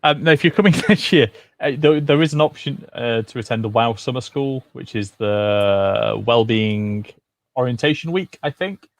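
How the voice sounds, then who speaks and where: A chatty man with a Yorkshire accent hosts a university gaming stream, stopping and restarting with fillers. His voice sits in an everyday middle pitch. The sound is dry and close, with no room around it. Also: normal speed, dry recording. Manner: chatty, hesitant with many fillers. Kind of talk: casual livestream chat.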